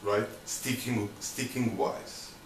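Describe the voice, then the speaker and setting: A man teaching drum sticking patterns, counting beats aloud in loose, halting phrasing. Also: on the low side, steady tone, heavy background noise. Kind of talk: instructional demonstration. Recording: echoey room, mic at a distance, loud clatter.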